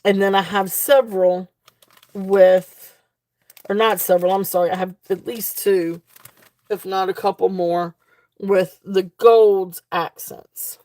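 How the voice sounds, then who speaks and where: A woman with a medium-pitched, steady, darkish voice hosts a live jewelry sale at a slow pace, with no room sound. Chatting casually, she gushes over each piece, repeating her praise amid plenty of ums and restarts.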